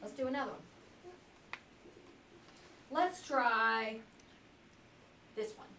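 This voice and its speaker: A woman teacher speaks slowly in a rather high, bright voice with a forceful tone during a phonics lesson. She poses patient questions and stretches out words to model them, recorded from afar in an echoey classroom with a faint hiss.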